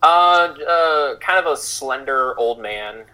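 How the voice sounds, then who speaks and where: Brief: man game master, casual, halting narration, bright and clear tone. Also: mid-range voice, expressive, rough recording. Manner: casual, halting, many fillers.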